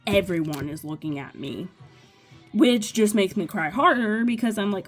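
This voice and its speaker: Young female vlogger, unhurried rambling storyteller, light music bed. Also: medium pitch, lively intonation. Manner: chatty, rambling, restarts mid-sentence. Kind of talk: casual storytelling while crafting.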